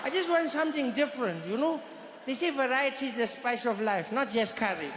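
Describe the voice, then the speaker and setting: A man's voice: very high voice, lively intonation, fairly quick, reverberant, big-room sound, noisy background, pitched above the performer's own voice. A man voicing a frustrated schoolboy who complains about his lunch in whiny, exasperated outbursts. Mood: weary complaining.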